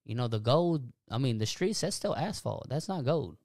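A young man talking casually about faith and self-forgiveness on a podcast, animated and preachy, laughing often. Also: mid-range voice, normal speed, no room sound, studio quality. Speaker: podcast co-host.

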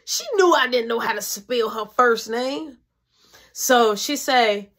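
Animated profane woman telling a story. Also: a little high, slow. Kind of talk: storytime narration, casual.

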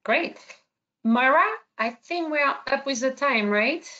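A woman's voice: high-pitched, expressive, measured pace, bright, forceful tone, lo-fi sound. A woman from France with a slight French accent, moderating an online webinar Q&A in a hesitant way, full of fillers and restarts.

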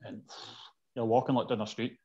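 A man's voice: medium pitch, little pitch movement, a little fast, muffled recording. A man with an Ayrshire Scottish accent, a podcast guest who tells joking anecdotes. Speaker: podcast guest, former Muay Thai champion. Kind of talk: casual chat.

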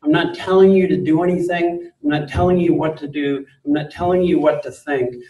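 An earnest man giving a spiritual talk in a hall, gently insistent and repeating himself for emphasis. His voice sits a bit high. The sound is roomy, picked up from some distance away. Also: steady tone, fairly quick, muffled recording. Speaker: speaker on spirituality.

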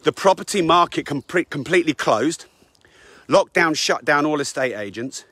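Slightly breathless man pitching his event. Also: lively intonation, moderate pace, a bit bright, slightly rough, no room sound. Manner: eager sales pitch, many fillers. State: out of breath from walking. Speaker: business coach promoting his event. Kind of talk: live-streamed casual talk. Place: walking while streaming.

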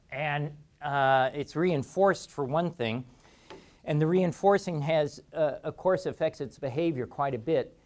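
A man's voice: a little high, darkish tone. A middle-aged man giving a university lecture in a casual, chatty way, with frequent restarts and laughter. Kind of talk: classroom lecture. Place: lecture hall.

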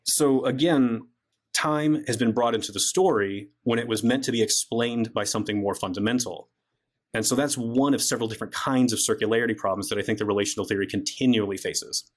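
A man's voice: medium pitch, a little fast. A man, a guest philosopher, explaining an argument in an easygoing conversational way, often dropping in "like" as he reasons. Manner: casual, frequent "like" fillers while reasoning.

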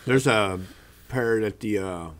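A man's voice: on the low side, measured pace, fairly bright tone. A man co-hosting a casual podcast from a shop, laid-back with short replies. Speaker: podcast co-host. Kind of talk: casual chat. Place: cigar shop.

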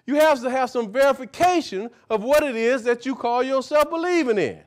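High-voiced folksy male preacher. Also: brisk. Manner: folksy, keeps asking "see?" and "right?" of the listeners; repeats key words in rhythmic runs. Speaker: preacher teaching scripture. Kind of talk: live sermon teaching.

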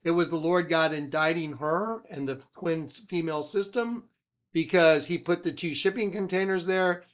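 A man who leads a ministry, telling a rambling personal story with emphatic swings from loud to hushed. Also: on the high side, moderate pace. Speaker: ministry leader.

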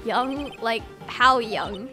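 A woman's voice: fairly high pitch, very slow, sharp tone, soft background music, voice pushed down, full character voice. A woman voicing a young male rookie lawyer in a dry, exasperated way.

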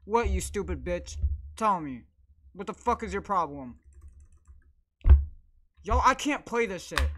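A gaming video creator giving gameplay commentary, frustrated and swearing constantly while ranting at the game. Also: medium pitch.

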